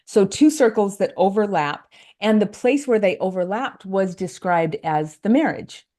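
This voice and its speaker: A woman's voice: mid-range voice, lively intonation, a little slow, mellow. A woman life coach talking earnestly on a podcast, explaining ideas step by step. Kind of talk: podcast conversation.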